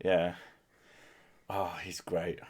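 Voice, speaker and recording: A man's voice: low voice, little pitch movement, extremely slow, a little mellow. A young man hosting a stream, chatting casually with a co-host in jokey, sweary banter and laughing often.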